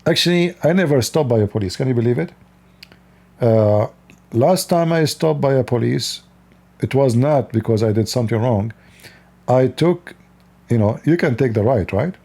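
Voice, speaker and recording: A man's voice: medium pitch, lively intonation, moderate pace, long pauses, a little mellow. A man from the East, hosting a livestream and giving blunt, lecturing advice with frequent laughs. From Middle East. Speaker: livestream host. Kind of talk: casual advice talk.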